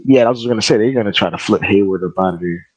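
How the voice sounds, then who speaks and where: A man in a casual fan chat giving quick, confident opinions on teams. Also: fairly low pitch, a crowd in the background, low-quality recording.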